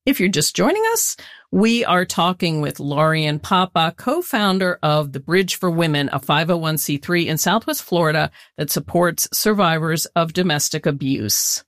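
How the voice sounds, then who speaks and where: A woman hosting an interview, calm and attentive as she asks questions and backs up her guest. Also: low voice, normal speed, no echo, clean studio sound. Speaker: radio show host.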